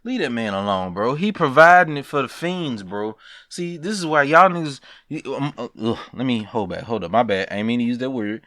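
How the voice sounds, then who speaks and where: A young man hosting a casual podcast, ranting about games with profanity, laughing asides and big animated swings. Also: mid-range voice, no echo, studio quality. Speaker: podcast host. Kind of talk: casual gaming news rant.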